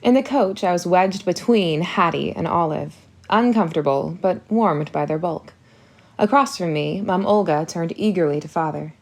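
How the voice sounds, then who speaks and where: A woman narrating a storybook in the first person with a measured, expressive reading. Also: on the low side. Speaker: audiobook reader.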